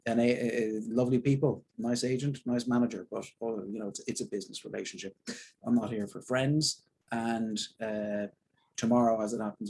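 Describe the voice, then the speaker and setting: Husky-voiced Irish man chatting candidly. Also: on the low side, warm tone, rough recording. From Ireland. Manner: candid, rambling, self-deprecating. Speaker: actor, interview guest. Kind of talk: casual interview talk.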